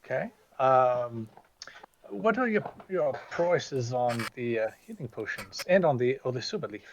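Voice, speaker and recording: A man's voice: medium pitch, lively intonation, unhurried, slight background noise. A man playing a tabletop role-play character, polite and hesitant with many ums. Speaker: player. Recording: dull lo-fi audio.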